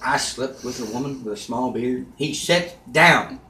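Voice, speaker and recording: A man telling a comedic story in a casual vlog rant, animated, swearing and shouting out the lines he quotes. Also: medium pitch, a little slow. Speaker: vlogger. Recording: echoey room, faint background noise.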